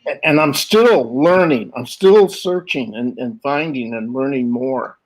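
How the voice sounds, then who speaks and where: An older man in conversation, spinning stories from his own life with animated energy. He slips into quoted voices and laughs as he goes, with pauses and restarts. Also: medium pitch, poor audio. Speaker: guest artist. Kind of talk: conversational interview storytelling.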